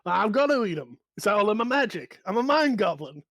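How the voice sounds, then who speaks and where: A man's voice: high voice, big pitch swings, fairly quick, a bit bright, no room sound, pitched above the performer's own voice, heavily acted. A man putting on a cheeky book-eating goblin. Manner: cheeky, brash, cocky. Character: mischievous crude male goblin who eats spellbooks. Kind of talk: tabletop role-play voice.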